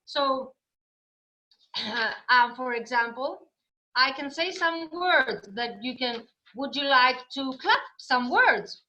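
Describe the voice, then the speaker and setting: A Greek woman with a bright, clear voice talks slowly and patiently over a video call. She is a music teacher, with Greek as her first language. She sounds out rhythm syllables as she demonstrates. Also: high voice, lively intonation, muffled recording. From Greece.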